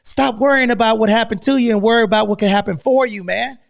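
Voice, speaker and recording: A high-voiced American man hosting a live online room with nonstop hype. He pushes every line loud and fast and tags "man" onto almost all of them. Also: gravelly. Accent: American English. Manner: hyped, loud, keeps saying "man". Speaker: host.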